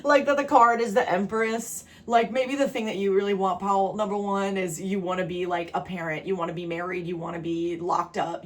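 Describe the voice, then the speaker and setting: A woman's voice: fairly low pitch, fairly even intonation, brisk. A woman with a New Jersey accent giving a casual tarot reading straight to the viewer, chatty and laughing often. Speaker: tarot reader.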